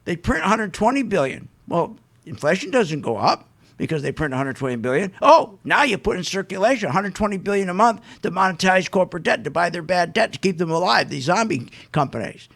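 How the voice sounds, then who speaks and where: A male radio host in full rant mode, hammering his points over and over. His voice sits high for a man and carries a rough, gravelly texture. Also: very animated, fairly quick, a bit bright. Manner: fired-up, emphatic, repeats himself, mocks others' words. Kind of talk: live call-free market commentary rant.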